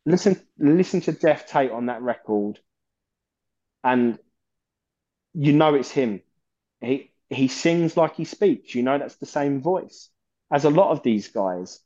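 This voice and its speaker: A man's voice: medium pitch, expressive, slow, pauses often, mellow, highs cut off. A man, a guest on a metal podcast, talking passionately and rambling, with plenty of swearing. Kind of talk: casual chat.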